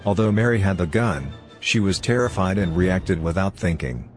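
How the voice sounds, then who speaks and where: A man narrating a story in a steady, measured scripted reading. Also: low voice, faint music behind. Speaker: audiobook narrator.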